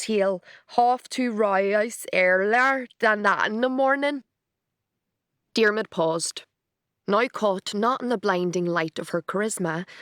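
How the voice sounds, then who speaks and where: A woman narrating a story with wry, measured delivery. Her mid-range voice is recorded dry and close, with no room sound. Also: medium pitch, a bit bright, dry recording. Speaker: audiobook narrator. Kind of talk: scripted narration.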